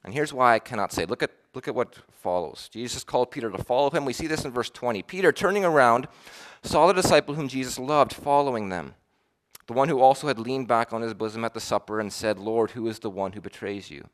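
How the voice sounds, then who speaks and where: Fairly quick in delivery, this man's sermon sways between emphatic pronouncements and hushed moments. He dramatizes the quotes he cites with a rising pitch.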